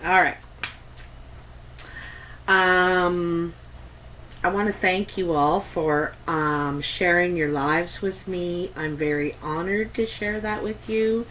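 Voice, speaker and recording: A woman's voice: lowish voice, a bit bright, a little hiss or hum, rough recording. A Canadian woman giving a casual tarot reading to camera, chatty and meandering, with many ums and asides. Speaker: tarot reader.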